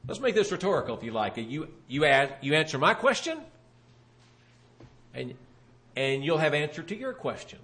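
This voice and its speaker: Animated male preacher with lively pitch. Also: normal speed, pauses often. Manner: animated storytelling, voicing the questioners. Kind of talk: sermon.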